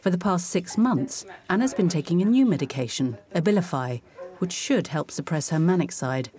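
A woman narrating a documentary in a measured, informative scripted read. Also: lowish voice, lively intonation, dark tone. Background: music.

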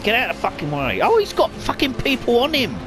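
A man's voice: extremely high pitch, huge pitch swings, fast talker. A man giving frantic let's play commentary, swearing a lot and apologizing over and over. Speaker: gamer. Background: game music and car noise.

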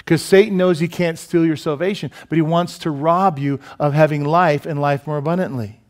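A man preaching a sermon as pastor in a church, animated and joking, asking the congregation many questions. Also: fairly high pitch, normal speed. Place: church sanctuary.

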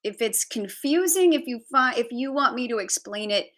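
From her home basement, a woman hosts a live-streamed travel budgeting tutorial, chatty and thinking aloud as she shares her screen. Her voice is a little high and fairly bright, with lively intonation at a moderate pace.

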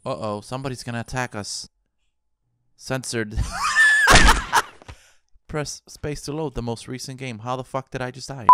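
A man giving profane, excitable commentary on a game he is playing, often breaking into loud laughter. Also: mid-range voice, normal speed, long pauses, heavy background noise. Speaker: gaming video host. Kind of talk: let's play commentary. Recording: game sounds clearly behind the voice.

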